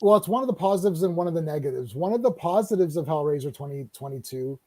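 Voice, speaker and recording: A man hosting a casual online horror discussion, talking excitedly with lots of laughter. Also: a little high, fast talker. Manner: excited, laughing, acts out scenes. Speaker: stream host. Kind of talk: casual chat about horror shows.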